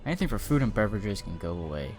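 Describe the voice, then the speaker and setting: A man's voice: on the low side, big pitch swings, rapid-fire, soft background music. Rambling man streaming a game. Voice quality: rambling, self-interrupting. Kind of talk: casual gameplay commentary.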